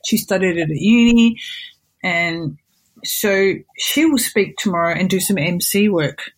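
A middle-aged Australian woman, a guest in a casual interview, animated, joking and self-mocking. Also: lowish voice, a little slow.

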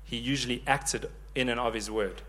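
A man in his thirties preaching a sermon, lively and joking with the congregation. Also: medium pitch, normal speed. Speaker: pastor.

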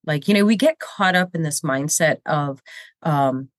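A woman's voice: deep voice, a little slow, no echo. A woman in her fifties with a cold and a congested voice, chatting candidly and self-deprecatingly as a show host, rambling with frequent restarts. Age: 50s. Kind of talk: casual confessional chat. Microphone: video camera.

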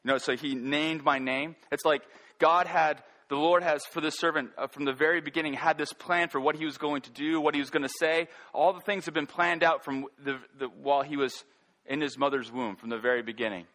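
Earnest bright-voiced man preaching. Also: fairly high pitch, steady tone. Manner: earnest, halting with frequent restarts. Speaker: pastor. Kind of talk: sermon.

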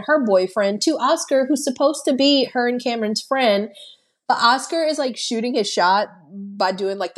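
A woman co-hosting a podcast, casually recapping a movie with plenty of swearing and laughter. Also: mid-range voice. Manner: profane, laughing storyteller. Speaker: podcast co-host.

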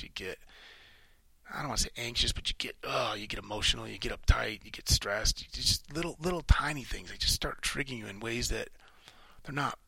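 Middle-aged male solo podcast host; gravelly, bright edge, halting and rambling delivery. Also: lowish voice, no echo, low-quality recording. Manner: rambling, halting, many restarts, swears casually. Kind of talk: solo reflective monologue.

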